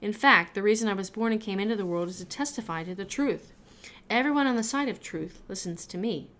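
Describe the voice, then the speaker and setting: A woman reading the lines of a calm male teacher on trial in a Bible reading, steady and even. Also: medium pitch, fairly quick, slight background noise, natural voice.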